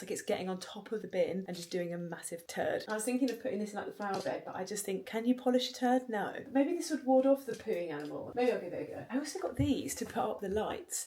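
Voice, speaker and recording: A woman's voice: medium pitch, a little mellow, slight background noise. A young woman, talking casually to camera in a vlog, rambling and self-deprecating with lots of "like". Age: 20s. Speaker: vlogger.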